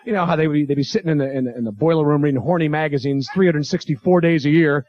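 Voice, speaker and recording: A man performing a stand-up routine in a comedy club, slipping into quick character voices and chatting with the crowd. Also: fairly high pitch. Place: comedy club stage with live audience. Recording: dull lo-fi 1980s club tape.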